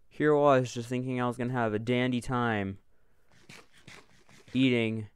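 A man's voice: mid-range voice, measured pace, smooth, no room sound, studio quality. Jumpy man voicing a game playthrough. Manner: jumpy, swings between panicked yelling and calm remarks. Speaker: gaming video creator. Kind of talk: let's play commentary.

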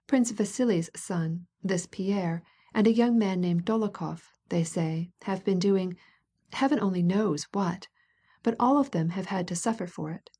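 Woman doing a knowing princess for a storybook; confiding half-whisper, husky. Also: on the low side, measured pace, mellow. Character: self-important well-connected princess.

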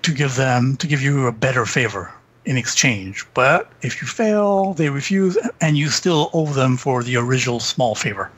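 A man talking casually as a podcast guest, halting and restarting his sentences. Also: medium pitch, sing-song, fairly bright tone, breathy edge. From Canada. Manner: halting, restarts often, chuckles. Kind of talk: casual chat about tabletop games.

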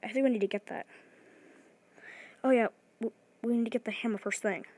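A woman giving excited gameplay commentary, talking fast and restarting her sentences often. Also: fairly high pitch, breathy edge, dry recording. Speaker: gaming video creator.

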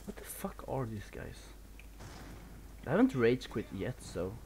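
A man's voice: mid-range voice, very animated, a little slow, a little mellow, slight background noise. A man from Sweden with a Swedish accent, giving casual live commentary over a video game while he plays, a bit nervous, swearing and laughing at himself. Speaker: gameplay commentator.

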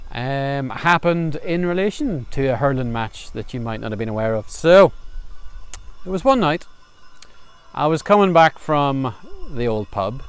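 Sitting outdoors under a tree on a farm, a male storyteller spins a humorous folk tale in a chatty, yarn-spinning style. His voice is fairly high, clear and resonant, picked up by a camera recording outside.

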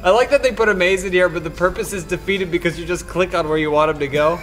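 A man hosting a casual let's-play, cracking sarcastic, deadpan jokes as he plays. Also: high-pitched, quick pace, faint music behind. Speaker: gaming show host.

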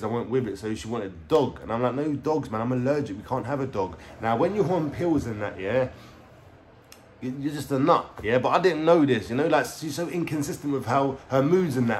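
A young man with a London accent rambles through a story at home, full of street slang and swearing. He keeps stopping for fillers like "yeah?" and "you know?". His voice sits at an ordinary middle pitch. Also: a little hiss or hum. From England. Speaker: vlogger. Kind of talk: casual storytelling to camera. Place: indoors at home.

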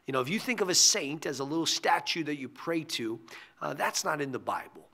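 A man who is a pastor, giving a short devotional sermon in an earnest way, often dropping to a hushed near-whisper on key phrases. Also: a little high, lively intonation, fairly quick.

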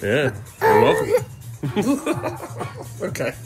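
Playful dad with lively, bouncing voice. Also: male voice, high voice, drawn-out words, loud music behind the voice. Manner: playful teasing dad, coaxing and praising kids. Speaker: father filming his kids. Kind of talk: casual family vlog. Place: family home, indoors.

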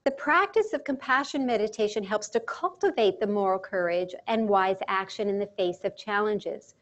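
A woman leading a guided mindfulness talk, speaking calmly and slowly with deliberate pauses. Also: mid-range voice. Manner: calm, slow and measured, with deliberate pauses. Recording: dull lo-fi sound with faint music.

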